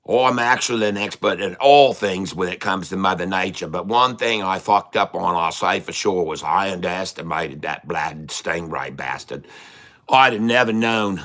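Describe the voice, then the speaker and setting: A man's voice: low-pitched, moderate pace, a bit bright. A man putting on a brash old Aussie wildlife expert. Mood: boisterous. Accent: put-on Australian. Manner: boisterous, rambling, laughing often. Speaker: day-trading streamer.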